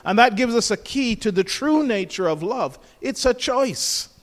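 A man's voice: very high-pitched, lively intonation, measured pace. A man preaching a sermon, emphatic, repeating key phrases and asking rhetorical questions. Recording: long hall reverb.

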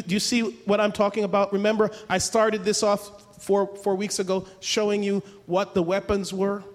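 Male preacher, high voice, emphatic sermon, rhetorical questions, reverberant hall.

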